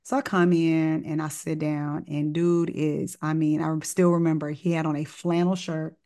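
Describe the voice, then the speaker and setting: Low-voiced woman doctor telling a story. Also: moderate pace. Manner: animated, acts out dialogue in the story; casual, informal wording. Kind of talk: conversational storytelling.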